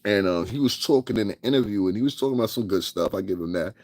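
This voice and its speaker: A man's voice: lowish voice, very fast, darkish tone, no echo. A man giving a profane, casual rant, laughing and mocking people with impressions. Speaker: commentary vlogger.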